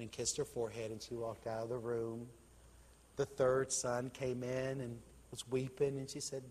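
A male pastor telling a story in a sermon, impassioned and swinging from hushed to loud. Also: medium pitch, little pitch movement, normal speed, big-room sound. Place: church.

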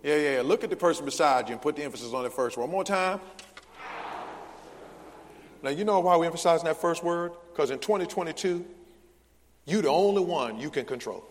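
A male pastor preaching a sermon, leading the congregation in call-and-response with loud, emphatic bursts. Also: a little high, brisk, long pauses, slight background noise. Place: large church sanctuary. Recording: long church hall reverb.

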